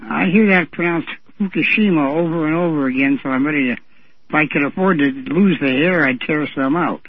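A man's voice: a little high, a little fast, dry recording. A man chatting on a radio show who tells rambling stories with chuckles. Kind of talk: casual radio talk. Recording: dry, dull lo-fi radio sound.

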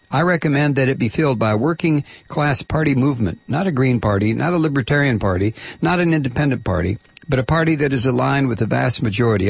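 A male talk radio host with a husky voice, heard close and dry on a studio microphone. He halts and fills gaps with "uh" when talking to callers, then reads a written essay in a steady, pointed way. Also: medium pitch, dry recording. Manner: halting with many fillers in chat, steady and pointed when reading. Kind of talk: call-in talk radio, reading an essay aloud.

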